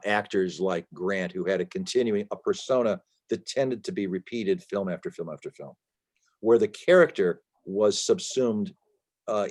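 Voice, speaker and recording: A deep-voiced man speaks as a guest author on a video call. He explains at length and leans hard on key words, often restarting and padding with "uh". His low voice gives the answers a steady weight. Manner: discursive, emphatic, many restarts and fillers. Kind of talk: conversational interview answers.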